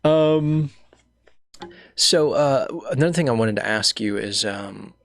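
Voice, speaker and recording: A young man from Alabama with a Southern accent, hosting a casual interview and telling stories with animated quoted voices. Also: medium pitch, slow, creaky, no echo, clean studio sound. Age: young adult. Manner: animated storytelling, acts out voices. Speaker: podcast host.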